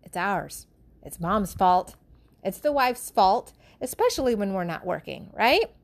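A woman's voice: mid-range voice, expressive, a little slow, no echo. A mother and wife speaking frankly to her listeners in a candid monologue, blunt and swearing freely. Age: adult with children. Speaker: mother and wife hosting a show.

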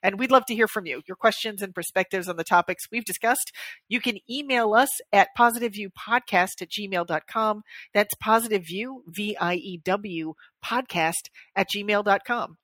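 A woman's voice: medium pitch, moderate pace, fairly bright tone, no room sound. Chatty woman podcast co-host. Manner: chatty, laughs easily, self-deprecating. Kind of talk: casual podcast chat.

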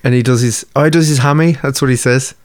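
A man's voice: mid-range voice, steady tone, quick pace, a little mellow, no echo, studio quality. A man, co-hosting a casual chat, laid-back and sweary, laughing easily. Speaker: podcast co-host.

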